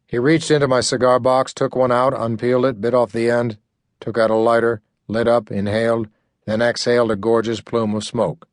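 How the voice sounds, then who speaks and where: A man reading a hardboiled first-person audiobook, gruff and sardonic in a dry, deadpan way. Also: on the low side, normal speed, no echo. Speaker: audiobook narrator.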